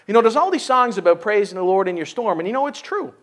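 A man's voice: high-pitched, animated, fast talker, a bit bright. A man preaching a casual sermon at a church service, chatty and exclaiming, often asking "you know?". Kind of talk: folksy conversational sermon.

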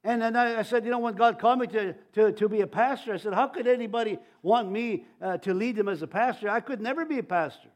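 Older male preacher, very high pitch, conversational sermon, frequent stammered repeats, bursts of volume on key lines. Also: fast, few pauses. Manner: testimony-style preaching with many restarts and stammers. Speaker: pastor.

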